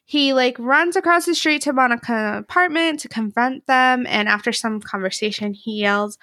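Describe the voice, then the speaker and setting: A woman's voice: a little high, normal speed, few pauses, sharp tone, no echo, studio quality. A young woman in her twenties hosting a casual podcast, upbeat and joking, chatty with lots of "like". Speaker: podcast host.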